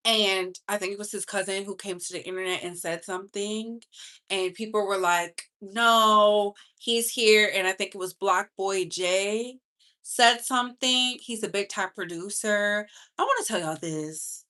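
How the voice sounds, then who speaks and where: Sassy, bright-voiced woman gossip host. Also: mid-range voice. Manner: chatty, sassy, speeds up and slows down for emphasis. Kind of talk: casual live-stream chat.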